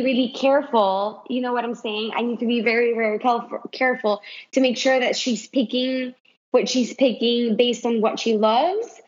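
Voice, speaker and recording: Animated woman with a higher voice. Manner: animated storytelling, quick bursts. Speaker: guest, artist and mother. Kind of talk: casual podcast conversation. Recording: dull lo-fi recording.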